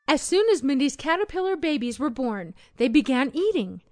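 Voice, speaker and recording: A woman narrating a children's read-along storybook in an expressive, sing-song storytelling manner. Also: sits high, moderate pace, dry recording.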